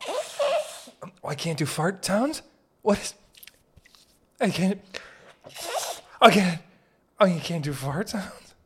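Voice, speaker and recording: A man's voice: sits high, wildly swooping pitch, slow pace, pauses often, noisy background. A man hosting a comedy podcast, rambling through jokes in a giggly, profane way as he jumps from one bit to the next. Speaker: podcast host.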